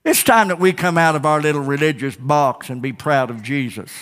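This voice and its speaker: A man preaching from the pulpit, his voice sitting a little higher than most men's. He tells personal stories and plays out both sides of each conversation. He draws key phrases out slowly for emphasis and keeps asking the room for an "Amen.". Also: fairly bright tone. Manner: storytelling preacher, acts out quoted exchanges, calls out "Amen?". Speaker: pastor. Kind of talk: sermon.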